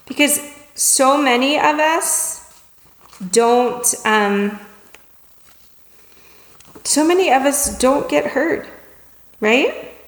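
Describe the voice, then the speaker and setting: A woman giving a conversational lesson on empathetic listening. She checks in with her listeners, often asking "right?" or "okay?", and sometimes acts out little dialogues in lively voices. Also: high-pitched, very slow, long pauses. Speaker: communication teacher. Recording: echoey room with long reverb.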